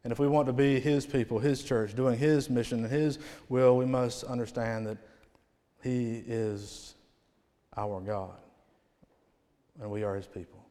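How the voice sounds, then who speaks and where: A man preaching a revival sermon in a church, rising to loud proclamations and falling to near-quiet phrase endings. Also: medium pitch, fairly even intonation, measured pace, long pauses. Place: church sanctuary. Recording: long hall reverb.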